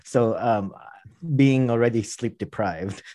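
A man's voice: fairly low pitch, slow, warm tone. An American man chatting casually as a podcast co-host, rambling with restarts and laughing often. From United States. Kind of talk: casual chat.

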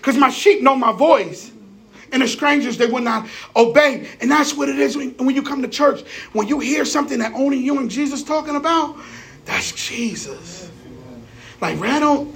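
A man preaching a lively, conversational Easter sermon, often repeating words as he builds his points. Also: extremely high pitch, moderate pace.

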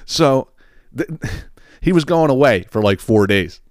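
A man's voice: mid-range voice, animated, unhurried, no room sound, studio quality. A man hosting a podcast, telling a rambling, profane story, often laughing and acting out the scenes. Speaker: podcast host. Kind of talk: casual storytelling monologue.

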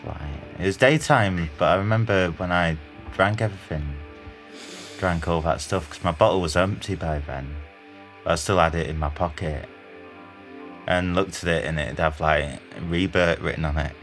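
Man, very deep voice, rambling storyteller, faint music behind. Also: normal speed, a bit bright. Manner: rambling, hesitant, heavy use of fillers. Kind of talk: casual storytelling chat.

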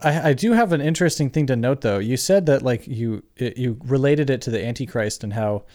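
A man's voice: medium pitch, brisk, darkish tone. Hesitant podcast guy, lots of fillers. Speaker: podcast co-host. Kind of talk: casual chat.

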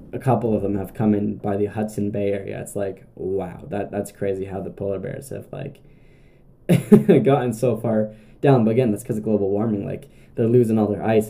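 A man's voice: fairly low pitch, gravelly, warm tone. A young man hosting a podcast, telling camping stories in a loose, rambling way full of filler words and restarts. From Canada. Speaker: podcast host. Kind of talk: casual storytelling monologue.

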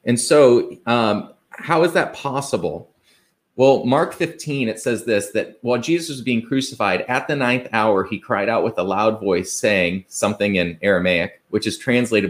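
A man's voice: fairly low pitch, moderate pace. A man preaching an earnest, conversational sermon, asking rhetorical questions and quoting scripture. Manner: conversational, with fillers and restarts.

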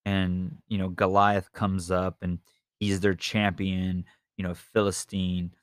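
A man's voice: sits low, flat delivery, slow, no echo, clean studio sound. A man teaching the Bible informally, earnest and rambling, with many restarts and asides. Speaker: Bible study podcast host.

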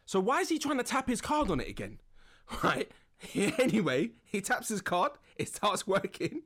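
A man's voice: high voice, moderate pace. A young man telling funny stories in a casual, rambling podcast monologue full of fillers and restarts. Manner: animated, chatty, many fillers and restarts. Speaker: podcast host.

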